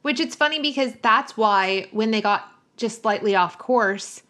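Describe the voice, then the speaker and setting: A woman's voice: a little high, measured pace, fairly bright tone. A woman co-hosting a podcast, casually walking through an episode's plot step by step with "so" and "like" as fillers. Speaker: podcast co-host. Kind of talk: casual chat recapping a TV episode.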